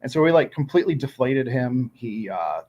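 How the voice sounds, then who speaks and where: A man from Ohio telling a lively magnet fishing story in a casual chat, acting out quotes and often repeating words. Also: medium pitch, normal speed, highs cut off.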